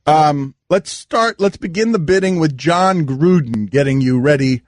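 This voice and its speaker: A sports radio host with a fairly high voice, talking close to a dry studio mic. He rambles and riffs loosely, laughing as he builds on his own ideas. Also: lively intonation, a little slow, a little mellow, dry recording. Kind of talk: casual sports radio banter.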